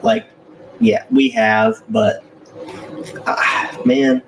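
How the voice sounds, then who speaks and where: Male co-host, distant mic, noisy, animated and laughing. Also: extremely slow. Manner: laughing, excitable, lively pitch. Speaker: podcast co-host. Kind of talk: casual hunting chat. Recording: distant mic with clear background noise.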